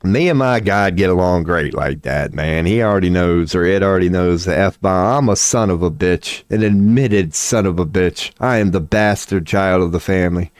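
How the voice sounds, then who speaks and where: A man rambles on a livestream, cussing freely and laughing at himself. His voice sits low and comes through smooth and clear. The sound is dry and close, with no room in it. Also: moderate pace, few pauses, no echo. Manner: profane, laid-back, self-mocking with frequent laughs. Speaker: streamer. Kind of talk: casual rambling monologue. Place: at home.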